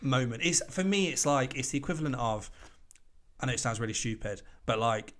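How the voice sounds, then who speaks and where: A man's voice: mid-range voice, brisk. A British man co-hosting a podcast, chatting casually, swearing often and rambling as he acts out quotes. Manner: sweary, rambling, animated quoting. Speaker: podcast co-host. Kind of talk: casual chat.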